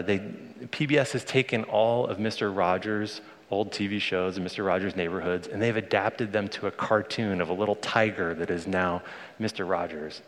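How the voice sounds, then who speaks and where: A man's voice: low-pitched, fairly bright tone. A man in his thirties preaching a sermon to his congregation, earnest and conversational, speaking to them directly. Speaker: pastor. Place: church sanctuary. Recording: long reverb of a large hall.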